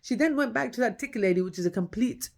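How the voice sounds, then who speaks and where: A woman's voice: on the high side, lively intonation, quick pace, vocal fry, a little mellow. A woman, telling her own story in a casual podcast monologue. She talks emphatically, repeats her key points, and acts out the dialogue.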